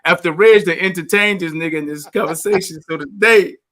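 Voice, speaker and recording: A man's voice: high-pitched, brisk, fairly bright tone. A man hosting a podcast, telling a funny barbershop story in casual, profane banter and laughing as he goes.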